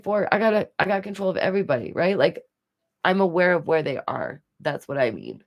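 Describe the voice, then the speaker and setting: A woman's voice: lowish voice, gravelly. A woman hosting a commentary livestream, talking casually and animatedly to her audience with rhetorical questions. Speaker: commentary streamer.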